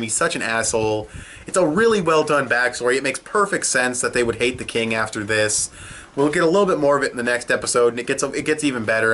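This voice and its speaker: A man's voice: on the low side, a bit bright. A young man giving a casual, rambling video review, peppered with swearing and fillers. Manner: rambling and profane, with many fillers. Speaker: anime episode reviewer.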